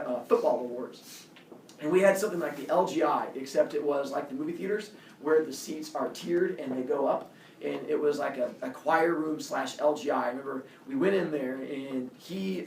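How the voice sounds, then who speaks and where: Man, casual storytelling, gravelly voice, animated, echoey room, faint background ambience. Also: a little high, noisy background. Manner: animated, acts out quotes with loud jumps. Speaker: podcast host telling a personal story. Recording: echoey room, mic at a distance.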